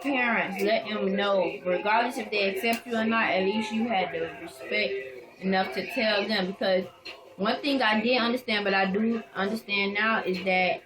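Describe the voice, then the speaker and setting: A woman's voice: medium pitch, fairly even intonation, normal speed, poor audio. A young woman chatting casually and frankly, giving advice with some swearing. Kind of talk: casual chat. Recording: crowd noise behind.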